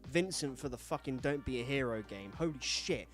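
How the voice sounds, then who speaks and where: A man's voice: medium pitch, animated, a little fast, soft background music. A man talking casually and frankly as host, swearing often and rambling through stories with lots of fillers. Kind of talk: casual solo chat, rambling storytelling.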